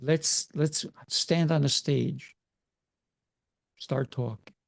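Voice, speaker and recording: A man's voice: medium pitch, steady tone, drawn-out words, vocal fry, no echo, studio quality. A man who is a martial arts coach, chatting in an interview over a video call and driving his points home with emphatic rhetorical questions. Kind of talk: casual interview chat.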